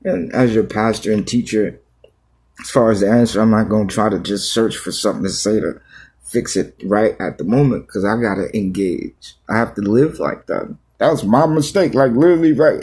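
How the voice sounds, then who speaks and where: Husky low-voiced man confessing raw. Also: a little mellow. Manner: halting, repetitive, raw confession. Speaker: pastor. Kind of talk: emotional confessional livestream talk.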